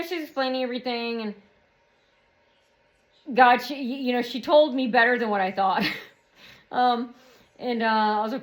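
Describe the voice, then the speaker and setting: A woman's voice: a little high, normal speed, long pauses. A woman talking straight to camera in a rambling personal monologue, repeating herself and circling back to her point. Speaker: vlogger.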